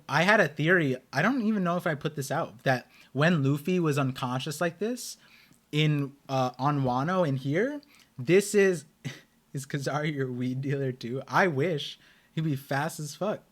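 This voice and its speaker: A man hosting a live anime watch-party stream, reacting excitedly and chatting in a rambling way with his viewers. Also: on the high side. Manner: excitable, rambling, talks to chat.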